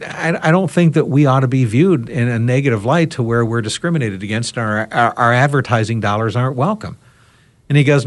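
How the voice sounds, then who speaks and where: A talk radio host telling a story on a roundtable podcast and voicing both sides of a conversation. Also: male voice, mid-range voice. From United States.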